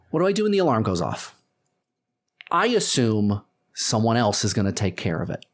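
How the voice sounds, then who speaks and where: A man voicing a weary, rambling, grumbling man. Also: fairly low pitch. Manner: tired, sighing, rambling. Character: weary, grumbling middle-aged man with a mechanical leg.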